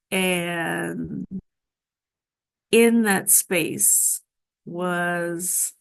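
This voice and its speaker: A woman guest telling a deeply personal story with emotion, acting out the voices of people in it. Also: creaky. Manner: emotional, dramatic retelling with voiced quotes.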